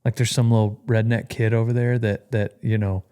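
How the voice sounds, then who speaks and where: A man's voice: lowish voice, flat delivery, moderate pace, dark tone, clean tone. A man hosting a casual podcast chat, joking and bantering with drawling humor. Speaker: podcast host.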